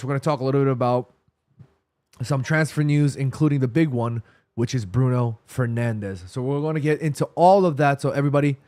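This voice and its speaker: A tired New York man hosts a football live stream, rambling casually and answering chat comments, often restarting and correcting himself. His mid-range voice is a little mellow, with no room sound.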